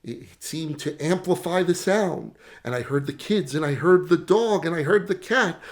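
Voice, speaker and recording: A bewildered park visitor, as a man puts him on in a lesson, earnestly asking a professor what happened. The voice swings high and low with lively pitch and has a gravelly edge. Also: normal speed. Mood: puzzled. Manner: puzzled, earnest questioning.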